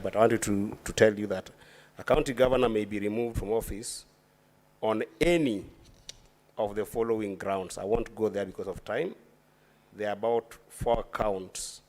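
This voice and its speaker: A man, a senator questioning a witness at a formal hearing in a deliberate, formal way, often restarting his phrases. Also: lowish voice, steady tone, a little mellow. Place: committee hearing chamber.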